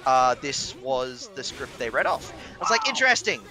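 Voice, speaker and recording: A man telling a long personal story in casual chat, animated, swearing and laughing as he goes. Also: medium pitch, unhurried. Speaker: stream commentator.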